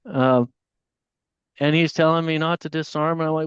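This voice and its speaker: Man, podcast guest, animated storyteller, muffled lo-fi sound, dry. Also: on the high side, moderate pace, pauses often, smooth, no echo. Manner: animated storyteller, voices the people in his stories. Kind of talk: casual storytelling. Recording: dull, dry lo-fi audio.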